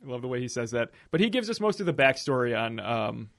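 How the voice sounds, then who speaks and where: A man co-hosting a podcast, talking through a film's characters in a relaxed, crude, joking way with many fillers. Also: medium pitch, fast talker. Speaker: podcast co-host. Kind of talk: casual film discussion.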